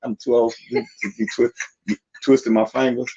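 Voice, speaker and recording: A man in his fifties co-hosting a livestreamed talk show. He chats casually, laughs often and gives listeners shout-outs. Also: medium pitch, moderate pace. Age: 50s. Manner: animated, laughing, gives shout-outs, often asks "you know what I'm saying". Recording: dull lo-fi livestream audio.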